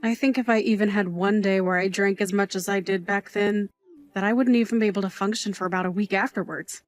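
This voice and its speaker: A woman playing a doting, playful middle-aged aunt who works nights at a bar, quick to mock offense and to tears. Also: medium pitch, steady tone, close to an everyday voice. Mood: reassuring. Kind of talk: audio drama acting.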